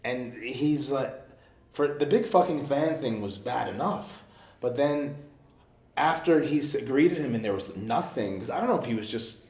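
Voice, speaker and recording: A man telling a story in casual chat, animated, switching between quiet mumbles and loud shouted bits. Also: medium pitch, normal speed. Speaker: guest storyteller. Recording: echoey room with faint ambience.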